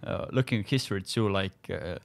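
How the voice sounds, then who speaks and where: A man from Estonia, a comedian and army sergeant, chatting casually in halting English full of fillers and restarts. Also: low-pitched, vocal fry. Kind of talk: casual podcast chat.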